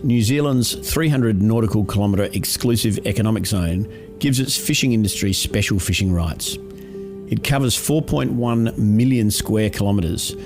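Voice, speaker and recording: A man reading a scripted, informative narration for a podcast in a measured way. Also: lowish voice.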